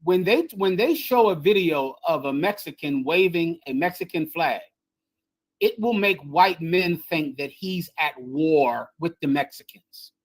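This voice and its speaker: A woman's voice: low-pitched, expressive, unhurried, poor audio. A woman hosting a livestream and lecturing with emphatic, preachy force, repeating her phrases for effect over a video-call mic. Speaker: livestream host and teacher. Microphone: streaming software on a video call.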